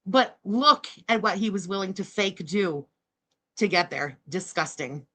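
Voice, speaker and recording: A woman's voice: medium pitch, expressive, a little slow, bright, forceful tone. A woman hosting a reaction livestream, giving blunt, sarcastic, scornful commentary. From Canada. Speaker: commentary channel host.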